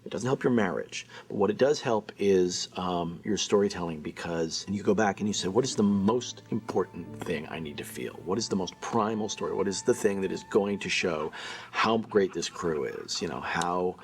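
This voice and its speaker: A man, the show's creator, reflecting on making a series in a documentary interview, pausing often with fillers. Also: low-pitched, soft background music. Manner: reflective, searching for words with fillers. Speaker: show creator.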